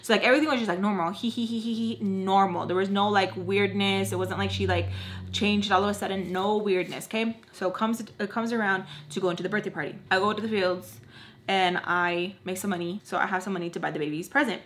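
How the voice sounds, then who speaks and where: A young woman chatting through a storytime while doing her makeup, animated and acting out the other people's lines. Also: medium pitch, brisk, slight background noise. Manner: chatty, animated, acts out quoted voices. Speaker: beauty vlogger.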